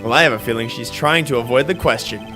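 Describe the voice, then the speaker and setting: A young man with a Canadian accent reading a courtroom game aloud with quick, joking asides. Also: mid-range voice, sharp tone, soft background music. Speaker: let's play narrator. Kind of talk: dramatic reading of a game with commentary.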